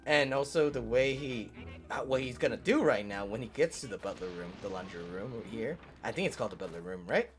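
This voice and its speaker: A man's voice: mid-range voice, expressive, fairly quick. A man giving casual gameplay commentary, rambling, swearing and laughing as he plays. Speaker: let's play host.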